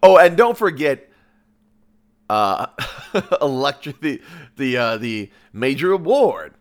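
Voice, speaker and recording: A man's voice: mid-range voice, big pitch swings, slow pace. A man co-hosting a podcast in casual chat, laughing often and swearing freely. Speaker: podcast co-host.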